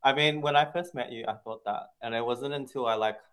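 A man interviewing a band in a relaxed, casual way, asking long questions. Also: mid-range voice, brisk.

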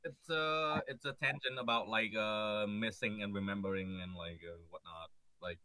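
A man's voice: on the low side, moderate pace, bright, forceful tone, no echo. A man, a band member, talking hesitantly in an interview, packing in "like" and trailing off. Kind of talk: casual interview chat.

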